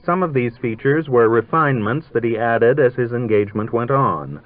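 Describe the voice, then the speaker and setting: A man narrating a literary story in a measured, dryly ironic way, heard on a tinny old radio broadcast. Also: medium pitch, expressive.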